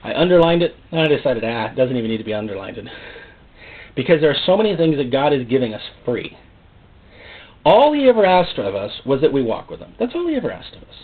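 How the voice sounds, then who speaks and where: A man preaching a sermon in an animated way, often acting out God's voice and the people he quotes. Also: on the high side, a little fast, breathy edge. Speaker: pastor. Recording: phone-like narrow sound.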